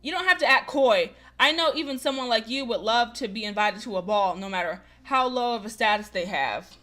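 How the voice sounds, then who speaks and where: A woman's voice: fairly high pitch, lively intonation, brisk, pushed and bright. A woman voicing a smug, arrogant young male aristocrat, reading a visual novel aloud in a condescending tone.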